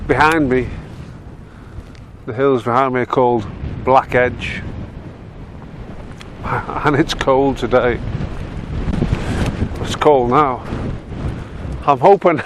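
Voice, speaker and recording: A man with a Yorkshire accent chatting casually as he walks across windy open moorland, self-mocking and laughing often. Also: medium pitch. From Yorkshire, England. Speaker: walking guide vlogger. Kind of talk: casual walking commentary.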